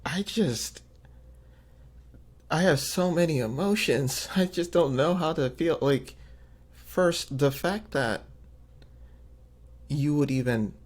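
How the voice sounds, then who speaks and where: A man co-hosting a podcast, chatting in an animated, loose way with lots of fillers. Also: on the high side, slow pace, long pauses. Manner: animated, many fillers, acts out quotes. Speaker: podcast co-host. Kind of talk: casual chat.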